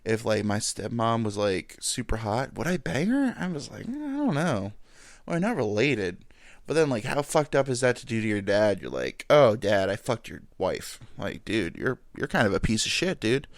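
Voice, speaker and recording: A man talks loosely through a solo home podcast, wandering from thought to thought and packing his speech with filler words and crude asides. His pitch swings widely up and down as he goes. The sound is dry and close, with no room echo. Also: very animated, normal speed. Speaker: podcast host. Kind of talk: casual solo podcast monologue.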